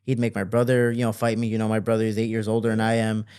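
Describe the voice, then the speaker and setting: A man telling stories from his childhood as a guest in an interview, with lively quoting and relaxed fillers. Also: fast talker, smooth. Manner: animated, jumps higher to quote people; fillers and restarts, relaxed flow. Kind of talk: casual storytelling.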